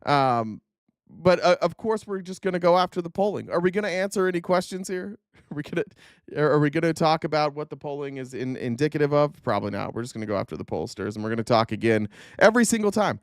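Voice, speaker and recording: A man talks through a live stream in a blunt, sarcastic way, swearing freely and tripping over restarts as he goes. His voice sits a little high. The sound is dry and close. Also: animated, fast talker, no room sound. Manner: rambling with frequent restarts and laughs. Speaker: political commentator.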